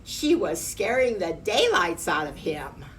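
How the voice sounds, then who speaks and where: Woman reading a picture book slowly aloud. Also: fairly low pitch. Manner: gentle, pointing out pictures. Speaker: storyteller. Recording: distant mic, faint room hum.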